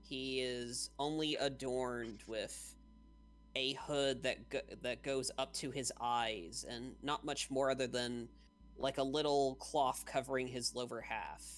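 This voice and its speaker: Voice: mid-range voice, fairly even intonation, slow pace, faint music behind. A game master narrating a tabletop game in a descriptive way with hesitant fillers.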